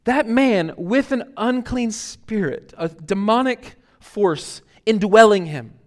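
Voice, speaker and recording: A man preaching a sermon as pastor, earnest and emphatic, building to loud peaks and then dropping to quiet reflection. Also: high-pitched, lively intonation, takes it slowly.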